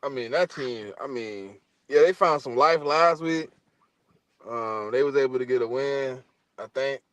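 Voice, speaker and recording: A man's voice: mid-range voice, a little slow, fairly bright tone, no echo. A man co-hosting a casual sports podcast, talking in a laid-back, slangy way that often trails off. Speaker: podcast co-host.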